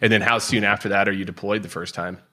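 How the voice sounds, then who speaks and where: A male podcast host with a low but strikingly bright, forceful voice asks his guest loose, rambling questions that circle back on themselves. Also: steady tone, fast talker. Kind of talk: interview questions.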